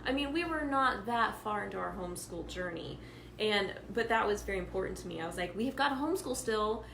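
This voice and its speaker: A woman's voice: medium pitch, fairly quick, vocal fry, fairly bright tone, reverberant, a little hiss or hum, rough recording. A mother co-hosting a parenting talk, speaking personally while emotional and close to tears. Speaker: co-host, homeschooling mother.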